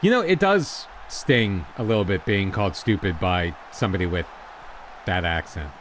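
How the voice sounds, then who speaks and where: A man's voice: sits low, normal speed, slight background noise. Chatty American man streaming a game. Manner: chatty, rambling, excitable during goals. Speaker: streamer playing a football management game. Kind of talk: casual live-stream commentary.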